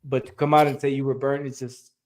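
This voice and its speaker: A man's voice: mid-range voice, level tone, fast talker, a little mellow. A man on a sports talk show, frustrated and rambling, full of fillers.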